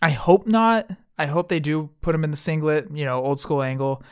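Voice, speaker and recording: A man's voice: fairly high pitch, expressive, normal speed, clear, resonant tone, dry recording. Laid back podcast guy, chuckles a lot, dry close sound. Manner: laughs often, easygoing. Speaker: podcast co-host. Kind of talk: casual podcast chat.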